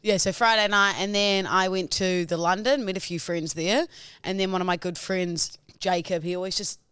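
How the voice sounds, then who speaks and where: A young woman, her voice raspy and hoarse after a tiring weekend, telling a bubbly, giggly story as a podcast co-host. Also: lowish voice, fairly even intonation, normal speed, fairly bright tone, dry recording. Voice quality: raspy, partly lost voice. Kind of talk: casual chat.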